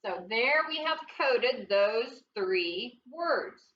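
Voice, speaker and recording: A woman's voice: a little high, lively intonation, very slow, fairly bright tone, far from the mic. A woman teaching a first grade phonics lesson in a patient, sing-song teacher voice, asking the class questions and answering them herself. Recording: dull roomy sound from away from the mic with faint noise.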